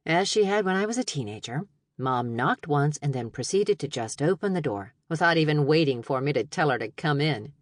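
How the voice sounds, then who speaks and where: A woman narrating a first-person audiobook in an expressive, wry storytelling manner. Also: deep voice, fairly quick, dry recording. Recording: dry studio narration.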